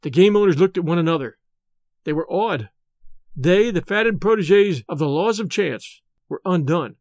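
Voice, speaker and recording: A man narrating a classic adventure story in a clear, even storytelling read. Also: sits high, normal speed, no echo, studio quality.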